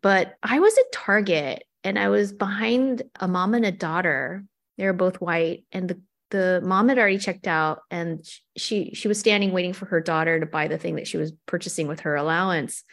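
A middle-aged woman, an actor and cartoonist, talking casually as an interview guest and telling animated stories. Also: fairly low pitch, moderate pace, gravelly. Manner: animated storytelling with quoted asides.

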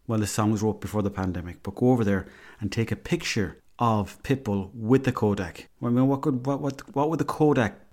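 Rambling, swearing Irish man, low voice. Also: darkish tone. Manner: rambling, profane storytelling. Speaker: podcast host. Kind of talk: comic monologue.

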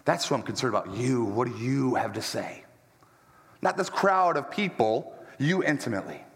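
A man preaching a sermon as pastor, animated and emphatic, with joking asides, walking around as he speaks. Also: mid-range voice, normal speed. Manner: walks around while preaching. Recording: long church-hall reverb.

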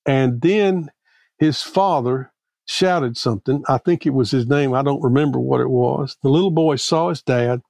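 A middle-aged man from Mississippi, a guest theologian telling a personal story in a podcast interview, earnest and halting with frequent restarts. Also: medium pitch, creaky, darkish tone, no echo.

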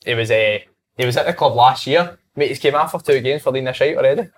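A man's voice: mid-range voice, fast talker. A young Scottish man, a football manager, telling stories in casual chat and laughing through them. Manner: animated storyteller, laughs through anecdotes.

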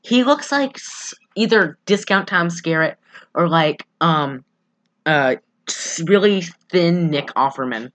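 Young midwestern girl rambling about a movie, lots of ums and giggles, voice bouncing all over, kinda low. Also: animated, slow, a bit bright. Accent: Midwestern American. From southern Michigan. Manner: rambling, giggly, filler-heavy. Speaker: movie recap co-host. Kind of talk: casual chat.

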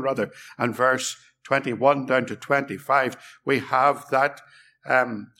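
A man preaching a sermon in a measured, emphatic way, sometimes dropping to a near-whisper for stress. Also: mid-range voice, a bit bright.

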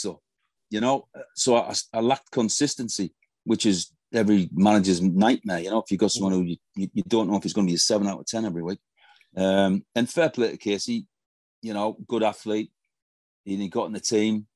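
A man's voice: on the low side, a little mellow, dry recording. A middle-aged man, a former footballer telling profane anecdotes in a casual interview. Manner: profane, storytelling, swears constantly.

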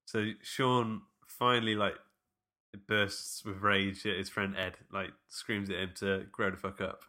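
A man's voice: lowish voice, little pitch movement, unhurried, bright, forceful tone. A man hosting a podcast, leading a casual film recap and narrating scenes step by step. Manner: leads the talk, narrates scenes step by step with fillers. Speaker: podcast host.

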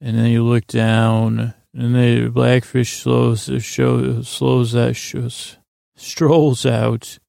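A man's voice: mid-range voice, little pitch movement, extremely slow, gravelly, warm tone, no echo, clean studio sound. A man casually recapping a TV episode in a meandering way, full of fillers and restarts. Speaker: podcast host recapping a TV episode.

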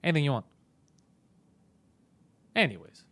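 A male comedian hosting a casual live stream, loud and profane, mock-bullying his co-host. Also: a little high, big pitch swings, a little slow, no echo.

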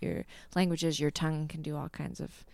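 A talkative woman in a relaxed podcast conversation, her voice smooth and clear and set a little low. She chats playfully and now and then reads a passage aloud. The sound is close and dry, with no room around it. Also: moderate pace, dry recording. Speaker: podcast co-host. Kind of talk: casual chat.

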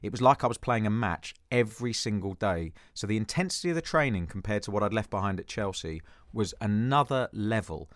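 Low-voiced former footballer from Jersey. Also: male voice, lively intonation, fairly quick, few pauses, dry recording. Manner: thoughtful, many restarts, self-deprecating humour. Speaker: interview guest, former footballer. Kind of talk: reflective conversational interview.

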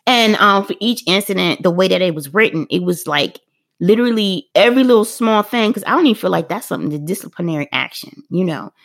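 Animated middle-aged woman telling a story. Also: on the low side, quick pace, vocal fry. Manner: animated, acts out others' lines in dialogue; talks straight to listeners, conversational fillers. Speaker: parent telling her story. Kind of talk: casual podcast storytelling.

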